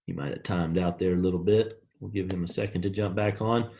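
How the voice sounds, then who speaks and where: A man from the US East Coast leading a team call, blunt and emphatic, coaching in a casual, forceful way. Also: sits low, steady tone, fairly quick, gravelly. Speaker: network marketing team leader. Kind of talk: motivational call talk.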